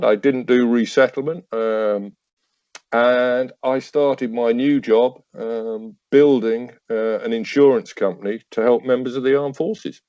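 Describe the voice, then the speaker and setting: A man's voice: medium pitch, darkish tone, dry recording, dull audio. A man in his fifties, a podcast guest and army veteran, telling anecdotes with wry, acted-out dialogue and hesitant restarts. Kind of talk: casual anecdotal storytelling.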